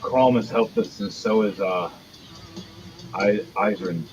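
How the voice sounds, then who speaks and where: A man's voice: fairly low pitch, slow pace, a little mellow, muffled recording, faint music behind, voice pushed down. A man voicing an angry male guard captain who swears as he talks, in a tabletop game.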